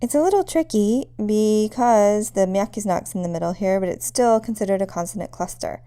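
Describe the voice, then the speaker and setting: A woman's voice: mid-range voice, normal speed, dark tone, smooth. A woman teaching a pronunciation lesson, patiently demonstrating sounds one at a time. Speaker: language teacher.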